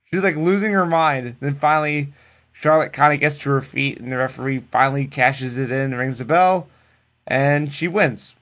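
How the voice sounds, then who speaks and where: A man co-hosting a casual podcast, retelling wrestling in a loose, profane, animated way. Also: mid-range voice, moderate pace. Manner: animated, profane storytelling that acts out the people it quotes. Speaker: podcast co-host recapping wrestling. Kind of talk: casual chat.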